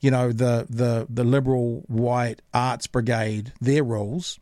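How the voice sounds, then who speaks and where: A man hosting a casual podcast lays out his views in an earnest, opinionated way, thinking aloud as he goes. His voice is of middling pitch and sounds dry and close, with no room echo. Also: flat delivery, unhurried, warm tone. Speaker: podcast host.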